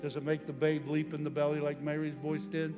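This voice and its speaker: A man leads a healing service with fervent, commanding prayer. His voice sits a little high for a man and rings through a large hall with a long echo. Music plays clearly behind him. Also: completely flat delivery, a little fast. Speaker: preacher leading a healing service. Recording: reverberant church hall with music. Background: live music.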